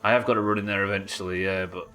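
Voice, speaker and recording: A man's voice: deep voice, steady tone, very fast, sharp tone, faint music behind. A man with a New Zealand accent streaming a video game live, thinking aloud, swearing casually and answering chat. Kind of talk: live gameplay commentary.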